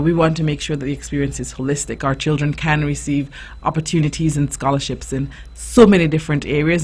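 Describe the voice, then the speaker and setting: Earnest woman hosting a radio show. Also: sits low. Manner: earnest, explanatory, frequent ums and restarts. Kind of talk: informational radio talk for parents. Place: radio studio.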